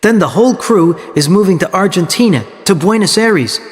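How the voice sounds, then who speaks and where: Brief: a man playing a brisk male producer, slightly raised pitch, long reverb. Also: animated. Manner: explaining, businesslike.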